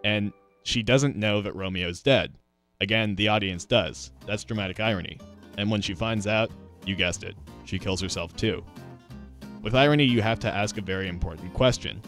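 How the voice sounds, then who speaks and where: A man teaching a literature lesson in a scripted narration, explaining clearly and speaking directly to students. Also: lowish voice, moderate pace, fairly bright tone, soft background music.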